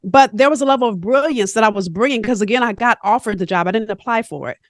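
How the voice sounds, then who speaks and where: A woman with a fairly high voice, speaking as a guest coach in a podcast interview. She tells her stories in an animated, emphatic way. The recording is dry and close, with no room sound. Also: fast talker, dry recording.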